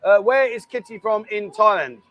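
A man's voice: high-pitched, expressive, moderate pace, muffled recording. A man, hosting a casual live stream and bantering as he reads out viewer comments. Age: 50s. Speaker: host.

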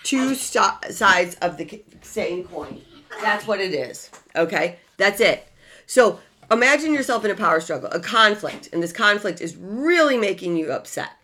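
A woman's voice: mid-range voice, animated, normal speed, bright, forceful tone, slight background noise. A middle-aged woman hosting a relationship podcast, talking emphatically in a preachy, motivational way and repeating key phrases.

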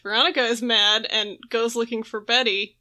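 A woman co-hosting a casual chat, retelling a comic's scenes with quick voiced quotes, laughing often and swearing casually. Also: a little high, steady tone, sharp tone. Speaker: podcast co-host.

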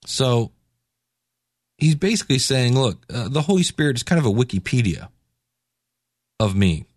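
A man's voice: mid-range voice, big pitch swings, moderate pace, no echo, clean studio sound. A man hosting a podcast, giving a casual devotional talk in a laid-back, conversational way with slangy asides. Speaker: podcast host.

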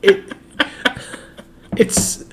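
A man's voice: drawn-out words, a little hiss or hum. A man co-hosting a casual chat, laughing often as he recaps scenes and quotes characters. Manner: giggly, quotes characters in lowered voices. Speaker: podcast co-host.

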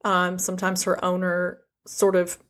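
A woman's voice: lowish voice, completely flat delivery, unhurried, a bit bright. A woman hosting a podcast, chatting casually, prompting her guest with questions and friendly asides. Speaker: podcast host.

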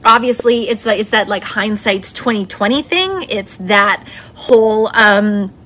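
A woman's voice: medium pitch, a little slow, sharp tone. A woman hosting her own podcast, talking in a chatty, encouraging and upbeat way. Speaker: podcast host. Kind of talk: solo motivational podcast talk.

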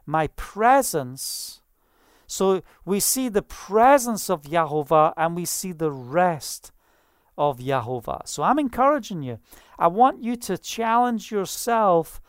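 A preacher delivers a quick, fervent sermon and keeps breaking into hallelujahs. The voice is smooth and resonant, and the recording is close and dry, with no room echo. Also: mid-range voice, lively intonation.

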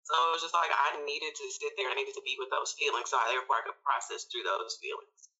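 A man telling a personal story in casual chat, animated and acting out his own past lines with big jumps in his voice. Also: mid-range voice, fast. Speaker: guest. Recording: dull lo-fi audio, a bit far from the mic.

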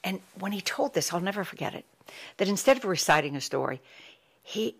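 Low-voiced middle-aged woman, motivational speaker; emphatic, heartfelt storytelling. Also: very animated, fairly quick, a bit bright, husky. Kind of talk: inspirational storytelling talk.

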